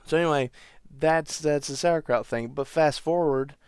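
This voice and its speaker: A man's voice: fairly high pitch, moderate pace, a little mellow, clear, resonant tone, dry recording, studio quality. A man hosting a podcast, rambling through a comic monologue with wry, self-mocking asides. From United States. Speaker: podcast host.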